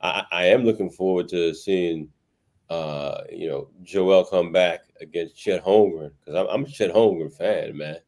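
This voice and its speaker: A man co-hosting a sports podcast, talking in a halting way with many restarts and fillers. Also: sits low, darkish tone. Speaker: podcast co-host. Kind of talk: casual sports chat.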